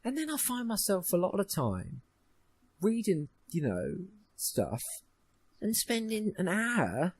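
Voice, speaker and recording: A man's voice: high voice, wildly swooping pitch, a little slow, husky. A young man co-hosting a podcast, ranting and mocking in casual chat, swearing often. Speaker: podcast co-host.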